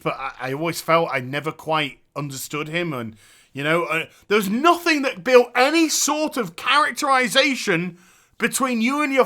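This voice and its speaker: Male host, lively high voice with sharp edge, swearing and sarcastic rant. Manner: profane, sarcastic, exasperated. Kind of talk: ranting game review.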